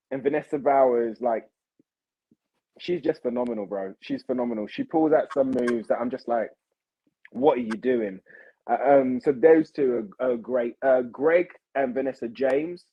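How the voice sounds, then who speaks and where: A man's voice: mid-range voice, normal speed, dull audio. A young man, chatting animatedly as a podcast guest and calling people mate and bro. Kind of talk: casual chat.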